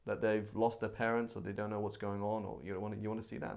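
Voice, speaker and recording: A man teaching a live religious class in a conversational, animated way, acting out everyday examples. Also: lowish voice, quick pace, gravelly, hardly any pauses. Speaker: Islamic teacher.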